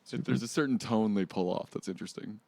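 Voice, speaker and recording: A man's voice: fairly low pitch, quick pace, creaky, darkish tone, dry recording. A man hosting a casual movie-riffing podcast, rambling and swearing as he riffs and laughs easily. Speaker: podcast host. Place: home at a farm.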